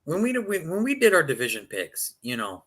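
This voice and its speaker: A man co-hosting a sports show, speaking in slow, hesitant casual talk. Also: a little high, huge pitch swings, a bit bright.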